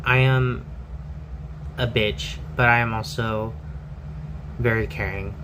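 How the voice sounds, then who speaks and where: A man's voice: on the low side, steady tone, slow, noisy background. A man telling a personal story in a candid, rambling way, full of fillers and restarts.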